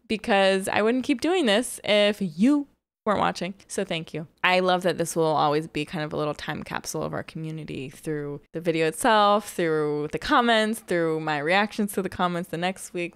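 Young female gaming creator, chatty and gushing; smooth, clean tone, dry close recording. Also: on the low side, no room sound. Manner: chatty, gushing, says "like" often. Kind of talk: casual heartfelt talk to viewers.

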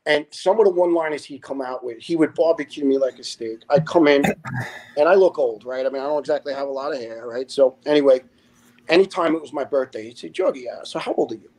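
Animated New storyteller, fairly high voice. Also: male voice, fast. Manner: animated storyteller who acts out quoted people with big pitch jumps. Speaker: podcast guest, retired firefighter. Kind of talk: storytelling in a podcast interview.

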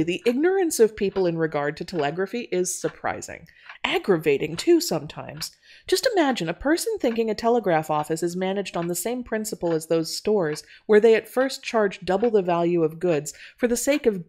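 A woman's voice: medium pitch, a little mellow. Woman playing a wry young telegraph operator. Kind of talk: audio drama reading.

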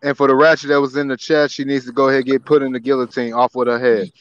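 A man calls into a livestream over a dull, muffled line with faint noise behind him. He talks very fast and makes crude jokes. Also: medium pitch, little pitch movement. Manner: jokey, boastful, crude. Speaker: livestream guest.

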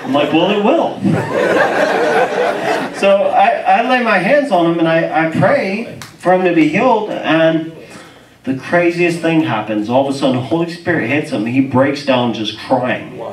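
A man's voice: a little high, moderate pace, crowd noise. Young man preaching in an echoey church. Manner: animated storytelling, acts out dialogue, laughs often. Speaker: guest preacher. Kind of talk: sermon testimony. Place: church sanctuary. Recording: roomy church audio, mic far off.

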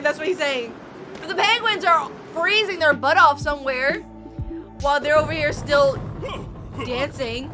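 A young woman hosting a reaction video, excitedly commenting and laughing often. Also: sits high, moderate pace. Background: video soundtrack music playing.

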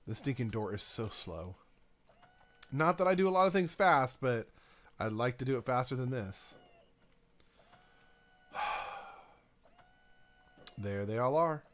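A man's voice: medium pitch, lively intonation, unhurried, long pauses, fairly bright tone. Rambling man narrating his gameplay. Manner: talks to himself and game items, rambling. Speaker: gaming YouTuber. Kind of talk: casual let's-play commentary.

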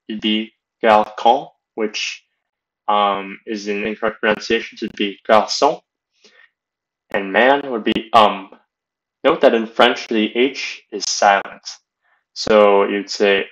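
A man's voice: mid-range voice, rough recording. A man narrating a beginner language lesson, explaining carefully with fillers and restarts. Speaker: language teacher.

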